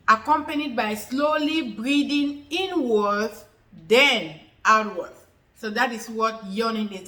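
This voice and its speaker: A woman's voice: on the high side, a bit bright, roomy sound, low-quality recording. A woman giving a casual health explainer, repeating herself often, with many fillers and chatty asides.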